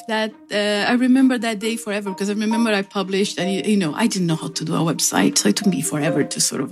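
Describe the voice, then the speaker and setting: A woman's voice: mid-range voice, fast, few pauses, soft background music. A woman, a radio interview guest, telling stories. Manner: emotional, animated storytelling.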